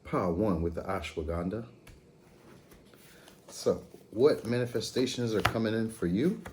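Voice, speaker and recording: A man's voice: lowish voice, unhurried, a little hiss or hum. A man hosting a casual pick-a-card tarot reading, chatty and laid-back with slangy talk, recording at home at night. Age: adult with a school-age daughter. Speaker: tarot reader, channel host.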